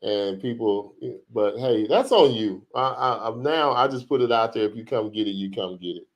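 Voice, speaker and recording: A man co-hosting a casual DJ podcast, his voice hoarse from a lingering flu, talking emphatically and laughing often. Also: fairly low pitch, normal speed, dull audio. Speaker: podcast co-host, DJ. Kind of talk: casual chat.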